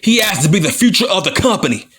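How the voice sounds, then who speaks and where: A man's voice: high voice, big pitch swings, fast talker, a bit bright, breathy edge. A man from California with slurred, mushy speech and stutters, ranting as a wrestling vlogger in a taunting, profane heel-style promo. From Compton, California. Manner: taunting, combative, swearing often.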